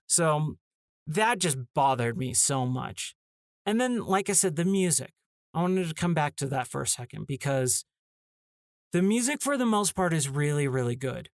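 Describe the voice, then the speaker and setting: A man with a somewhat high voice rants in casual talk, sounding exasperated and now and then mocking bits of dialogue. The sound is dry and close, with no room around it. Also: dry recording. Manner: exasperated, ranting, mock-acts short dialogue snippets. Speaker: podcast host.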